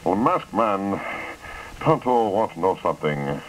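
A grumbling frontier sidekick played by a man who speaks in clipped, broken phrases with a flat, deadpan delivery. The voice sits very low. It is a vintage radio comedy sketch. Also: a little slow, a little hiss or hum, rough recording.

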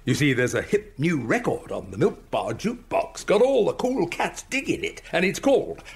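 An actor playing a vain, eccentric museum curator in a radio sitcom, talking in a pompous, theatrical way. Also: male voice, a little high, wildly swooping pitch, moderate pace, gravelly, husky, exaggerated voice. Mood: grandiose.

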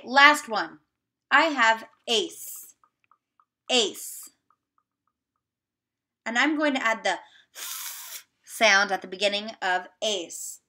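A woman teaches young children through a remote video lesson, pronouncing words slowly and offering encouragement. Her voice sits on the high side and has a sharp tone.

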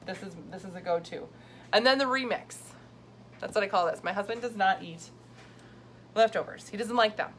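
A middle-aged woman, a health coach, chats casually and upbeat with viewers on a live video, laughing often. Her voice is medium in pitch at a normal speed, with faint background noise.

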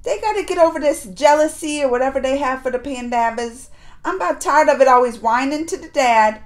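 A woman's voice: high voice, brisk. Chatty woman. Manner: chatty, animated, acts out characters' lines. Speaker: reaction and review channel host. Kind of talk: casual recap chat to viewers.

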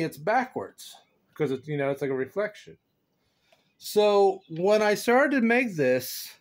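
Goofy, lively-voiced man vlogging. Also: high-pitched. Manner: goofy, playful, laughs often; rambling, chatty. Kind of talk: casual home vlog. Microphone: phone on a stand.

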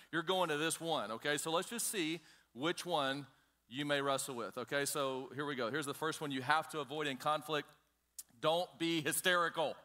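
A man's voice: fairly high pitch, pushed and bright. A man preaching a conversational sermon, emphatic and direct, often calling on the congregation to listen. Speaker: pastor.

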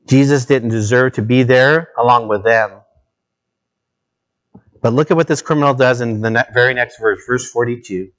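A man preaching a sermon as pastor, talking straight to his listeners and moving between low, slow emphasis and raised, urgent appeals. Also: fairly bright tone. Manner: earnest, direct address to listeners.

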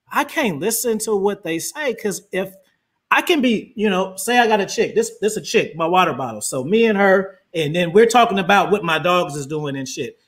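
Brief: male host, blunt profane storyteller, high and lively pitch. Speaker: interview host. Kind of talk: casual interview talk.

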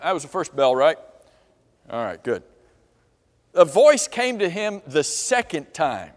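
Man, slightly high voice, slow deliberate sermon with questions, church hall reverb. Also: big pitch swings. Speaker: preacher. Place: church auditorium.

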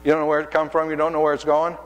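Pastor preaching in a reverberant hall. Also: male voice, on the high side, completely flat delivery, very fast. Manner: conversational, acts out voices in his stories. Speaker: pastor and hospice chaplain. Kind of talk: sermon with personal storytelling. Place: church sanctuary.

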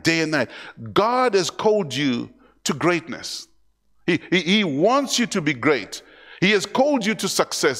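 A man's voice: on the high side, a bit bright. A male pastor preaching a sermon in church, repeating phrases and calling out to the congregation. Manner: repetitive, preacherly call-and-response.

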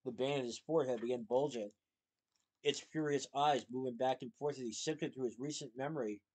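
A man reading a children's novel aloud in a plain, steady storytelling manner. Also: mid-range voice, a little fast. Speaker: reader.

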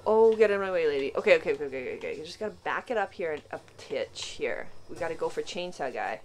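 A woman giving panicky, excitable commentary while playing a video game for the first time, laughing often. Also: low-pitched, fast talker, few pauses. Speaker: gaming channel host.

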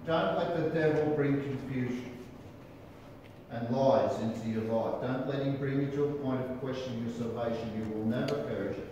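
A man's voice: medium pitch, moderate pace, warm tone, dull audio, slight background noise. An Australian man preaching a sermon as pastor, emphatic, with rhetorical questions and repeated calls to listen. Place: large church hall. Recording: echoey church hall from far off.

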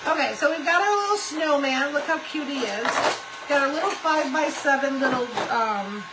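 A woman in her fifties hosts a casual crafting livestream, chatting with viewers, reading their comments aloud and calling to her puppy. Her voice is high-pitched at a normal speed, and the recording is very noisy.

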